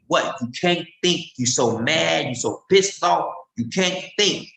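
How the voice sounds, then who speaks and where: A man's voice: fairly high pitch, lively intonation, unhurried, gravelly, few pauses, fairly bright tone. A man preaching in an emphatic, mocking way, repeating his points for effect. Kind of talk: animated sermon-style commentary. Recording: roomy echo.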